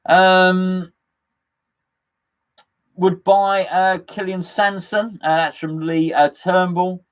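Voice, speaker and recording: Male host, middle-aged, rambling jokey live-chat patter, slightly high voice. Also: level tone, extremely slow, clear, resonant tone. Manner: rambling, jokey, chatty with many fillers and restarts. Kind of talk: casual live-stream chat reading comments.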